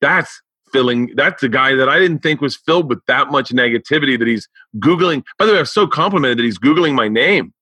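A man's voice: mid-range voice, lively intonation, fairly quick, few pauses, bright, forceful tone, breathy edge, dry recording. A man hosting a podcast in casual chat, cursing freely and stumbling over restarts. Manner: profane, stammering restarts. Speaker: podcast host.

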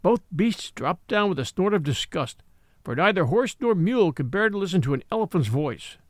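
A man's voice: high-pitched, very animated, normal speed, no echo, clean studio sound. A man reading a classic animal story aloud as narrator, telling it expressively. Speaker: audiobook narrator.

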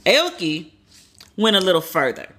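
A woman hosting a podcast, casually retelling celebrity drama in a candid, profane, animated way. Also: fairly low pitch, unhurried. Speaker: podcast host. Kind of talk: casual celebrity gossip commentary.

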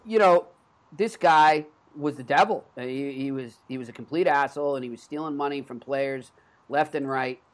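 Earnest Boston-accented man in his thirties. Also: mid-range voice. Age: 30s. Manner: earnest, conversational storytelling. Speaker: podcast host. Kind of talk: sports podcast chat.

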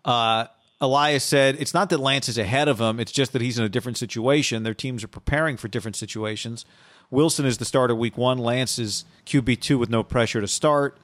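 A man's voice: mid-range voice, brisk, no echo. A man co-hosting a casual sports podcast, reading viewer comments aloud and talking them over. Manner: reads viewer comments aloud in a flat run. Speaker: podcast co-host.

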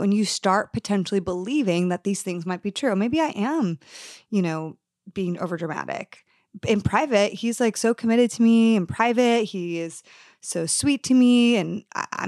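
A woman in her thirties talks as a podcast host in an earnest and candid way, mixing personal story with advice. Her voice sits in a middle pitch. It is recorded close and dry, with no room sound. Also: no echo. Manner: earnest, candid, acts out quoted dialogue.

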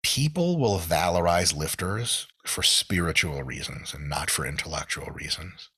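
A man's voice: deep voice, lively intonation, normal speed, sharp tone, husky. A man in casual podcast chat, ranting animatedly with plenty of swearing. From United States. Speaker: podcast guest.

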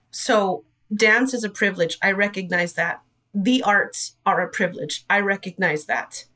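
A woman speaking as an interview guest in an earnest, emotional storytelling way. Her voice is bright and forward. She sits a little back from the microphone. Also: medium pitch, recorded from a distance. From Idaho. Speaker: dance studio director.

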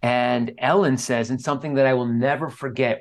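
A man's voice: medium pitch, steady tone, moderate pace. Earnest man telling a personal story. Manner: earnest, openly emotional storytelling. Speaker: guest author. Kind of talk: candid podcast interview.

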